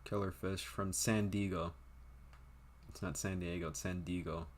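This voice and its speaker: Very low-voiced young man chatting offhand. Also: level tone, a little slow. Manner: rambling, profane, offhand. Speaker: game streamer. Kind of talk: casual livestream chat.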